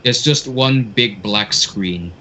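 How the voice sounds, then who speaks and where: A man's voice: on the low side, bright, forceful tone, slight background noise. A man co-hosting a casual podcast over a video call, chatting and then reading a scary story in a suspenseful voice. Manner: reads in a slow suspenseful narrating voice. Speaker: podcast co-host. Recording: dull lo-fi call audio.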